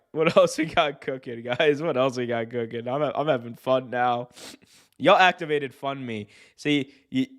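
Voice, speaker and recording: Wrestling podcast host, excitable and slangy, cracks up easily. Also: male voice, medium pitch. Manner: excitable, laughs often, slangy. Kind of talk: casual chat.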